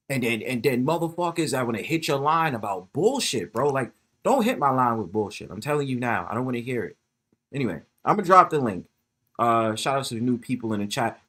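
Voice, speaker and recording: A man's voice: mid-range voice, lively intonation, fairly quick, bright, forceful tone. A man hosting a casual livestream from his phone. He swears often, laughs a lot and talks straight to his viewers in the chat. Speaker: livestream host.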